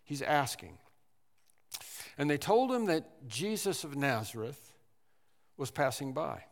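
A man preaching a sermon, animated, repeating phrases and acting out the people in the story. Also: on the high side, takes it slowly, long pauses. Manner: animated preaching with repetitions and acted-out quotes. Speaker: pastor. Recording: long hall reverb.

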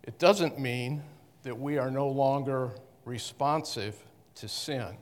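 Speaking in a long-reverberating hall, a mid-pitched man teaches the Bible to a congregation casually and haltingly, frequently correcting himself and starting his sentences over.

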